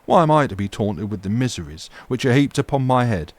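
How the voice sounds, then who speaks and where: A man's voice: mid-range voice, big pitch swings, a little fast, a little mellow, no echo, pitched above the performer's own voice, close to an everyday voice. A man voicing a self-pitying, melodramatic romantic young man, declaiming in a raised, theatrical voice for a storybook reading. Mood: aggrieved.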